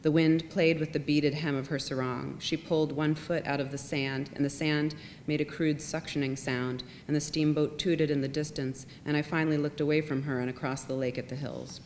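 A woman reading literary fiction aloud in a measured, softly expressive way. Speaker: reader. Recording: long reverb, faint rumble.

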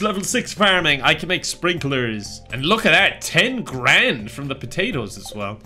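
Bright-voiced Irish man, gaming commentary. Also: medium pitch. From Ireland. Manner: sardonic, self-mocking, laughs often. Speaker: gaming YouTuber. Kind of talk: let's play commentary. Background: faint game music.

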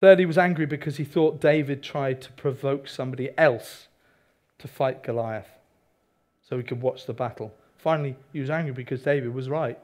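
A man preaching a sermon, animated, with asides to the congregation. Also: mid-range voice, normal speed. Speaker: pastor.

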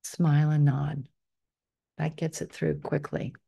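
A woman, a spiritual teacher, leading a guided meditation in a soft, unhurried voice that often drops to a whisper on affirmations. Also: low-pitched, flat delivery, gravelly, breathy edge.

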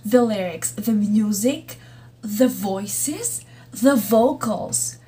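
In a mellow, mid-range voice delivered very slowly, a woman hosts a music video reaction, faint music under her commentary. She's effusive and exclamatory, often breaking into laughs and gasps.

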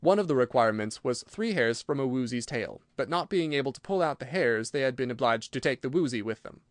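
A man narrating a children's fantasy book in a steady, even storytelling voice. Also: medium pitch, fairly quick, dry recording, studio quality. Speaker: audiobook reader. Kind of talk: scripted narration.

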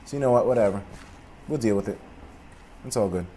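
A young man giving casual, profane let's play commentary, drifting between mumbled asides and loud outbursts. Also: fairly low pitch, a little fast, slight background noise. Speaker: gaming commentator.

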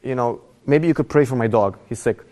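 A man's voice: medium pitch, fairly quick, warm tone. A young adult man telling a personal story in a Torah class, his voice rising as the story gets tense. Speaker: rabbi giving a Torah class. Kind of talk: storytelling lecture.

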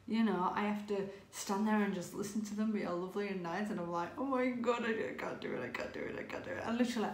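A woman speaks in a middle-range voice, chatting to the camera as a vlogger. She tells her story in a breathless, excitable rush that keeps tipping into laughter. The room around her rings with noticeable echo. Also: mid-range voice. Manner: excitable, breathless retelling with frequent "oh my God" and laughs.

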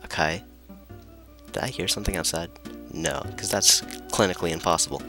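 A man's voice: low voice, lively intonation, a little fast, gravelly, pushed and bright, soft background music. A man giving loose, sarcastic commentary while playing a video game, joking and reading lines aloud. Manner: sarcastic, rambling jokes, reads lines aloud. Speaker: let's play commentator. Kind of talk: casual gameplay commentary.

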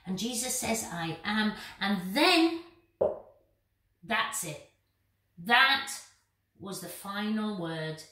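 A woman from England telling a Bible story simply for a church video, with slow, dramatic pauses. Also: mid-range voice, sing-song, pushed and bright. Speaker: church minister. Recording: roomy, distant mic.

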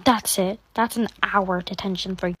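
A woman's voice: mid-range voice, steady tone, moderate pace, slightly rough, dry recording, voice pushed down, lightly acted. A woman playing a stern schoolteacher. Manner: stern, clipped orders. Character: stern strict female schoolteacher.

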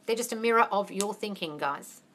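A woman's voice: medium pitch, a little fast, fairly bright tone, a little hiss or hum. Blunt, sweary Australian woman. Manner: blunt and sweary, calls everyone darling. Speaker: manifesting coach hosting a live Q&A. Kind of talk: casual live Q&A.

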